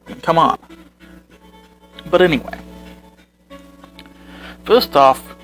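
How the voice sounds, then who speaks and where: Male commentary host, slightly high voice, sarcastic and exasperated, faint music underneath. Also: lively intonation, slow, a bit bright, low-quality recording. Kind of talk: reading and reacting to posts.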